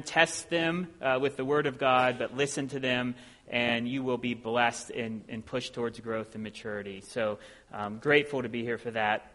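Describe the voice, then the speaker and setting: A man from Ohio preaching as a visiting preacher, talking in a relaxed, self-deprecating way with plenty of ums. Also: medium pitch. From Ohio, USA. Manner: conversational and self-deprecating, with many filler sounds. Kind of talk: sermon. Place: church sanctuary. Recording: long hall reverb in a church.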